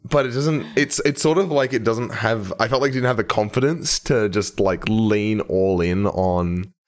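A man's voice: fairly low pitch, moderate pace. A man co-hosting a podcast, chatting casually in a rambling, hedging way with the odd swear word. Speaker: podcast co-host. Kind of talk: casual chat.

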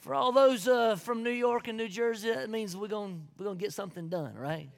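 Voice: mid-range voice, brisk, gravelly, big-room sound. A pastor with a Southern US accent preaching a sermon with folksy asides and sudden whoops of joy.

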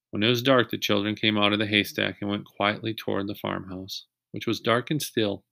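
A fairly low-pitched man reads a children's chapter book aloud at an even, patient pace. He sounds like a reader sharing a story with young listeners, stopping now and then to ask them questions. The recording is plain and close. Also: a little fast, gravelly, few pauses, no room sound.

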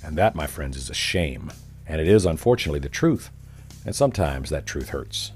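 A low-voiced man delivers a ranting political monologue with a sarcastic edge. He tells his story as a commentator would, while faint music plays softly behind him. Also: lively intonation, brisk, breathy edge.

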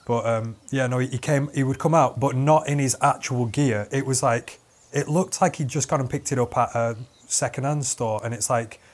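A man's voice: medium pitch, normal speed. A man, a podcast host telling a rambling story, swearing and laughing as he goes. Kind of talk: casual storytelling chat.

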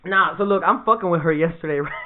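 A man's voice: on the high side, fast talker, a little hiss or hum. A man in casual podcast banter, joking and swearing a lot and laughing often at his own stories. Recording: phone-like narrow sound.

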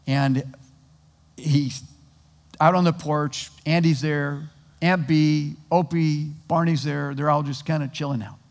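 Male pastor, sermon, conversational storyteller with a fairly high voice and long hall reverb. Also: slow pace. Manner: conversational, animated storytelling with many restarts.

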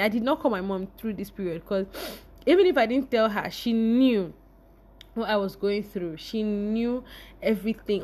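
A woman's voice: mid-range voice, a little mellow, slight background noise. A young woman vlogger telling her viewers an emotional personal story and speaking to them directly.

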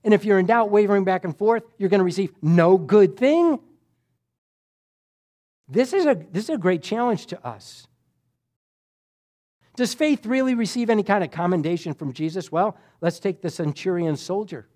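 A middle-aged man preaching a sermon, acting out scripture scenes with sudden swings between loud and soft. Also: high-pitched, normal speed, pauses often. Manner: animated, acts out Bible dialogue with sudden loud and soft swings.

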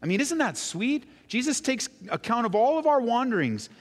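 Earnest male pastor preaching in a reverberant hall. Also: sing-song. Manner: earnest, rises high and loud when stressing a point, drops soft and slow when tender. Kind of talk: sermon.

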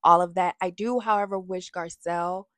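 A woman recaps a reality TV show straight to her viewers, sassy and chatty, calling them y'all. Her fairly low voice is animated, at a moderate pace with no echo, and she breaks into sung lines while giving her opinions.

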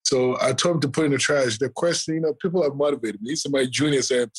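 Husky man rambling through surgery stories. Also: medium pitch, quick pace, hardly any pauses, poor audio. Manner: rambling, filler-heavy, chuckles often. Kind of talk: casual anecdotal storytelling.

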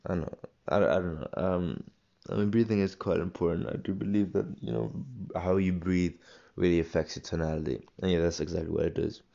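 A man's voice: sits low, a little fast, gravelly, warm tone, muffled recording. A young man hosting a solo podcast, rambling casually with many fillers and restarts. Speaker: podcast host.

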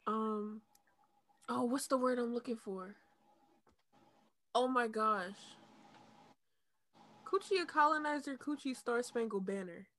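A woman in casual chat with friends, playing a rhyming word game, playful and quick to laugh. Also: a little high, fairly bright tone.

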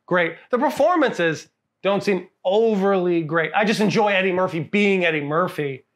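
A man co-hosting a casual movie podcast, animated and laughing, often repeating words while he searches for them. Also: sits high, moderate pace. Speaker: podcast co-host. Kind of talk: casual movie review chat.

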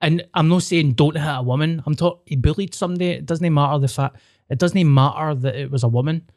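Young Scottish guy, swearing, animated anecdote, dry close sound. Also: fairly high pitch, brisk, no echo. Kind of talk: casual storytelling chat.

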